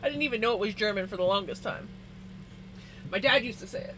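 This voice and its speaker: While spinning wool on stream, a woman keeps up casual chat with her viewers, often laughing between words in a giggly way. Her medium-pitched voice is fast and a bit bright, and the streaming-setup recording is low quality with a little hiss or hum.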